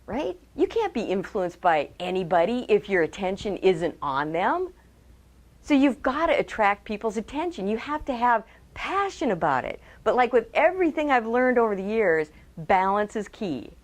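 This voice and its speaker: A woman trainer giving a webcast talk on public speaking. She is lively, asks her audience direct questions and acts out quotes in changed voices. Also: mid-range voice, moderate pace. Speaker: communication trainer.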